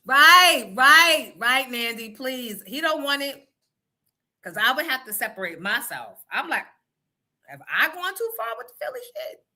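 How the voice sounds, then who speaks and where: Woman, New York accent, middle-aged, live-stream host, animated storyteller, bright voice, swings widely in pitch. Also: unhurried. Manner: animated storytelling, loud and playful, swearing, greeting viewers. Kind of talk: casual live-stream chat.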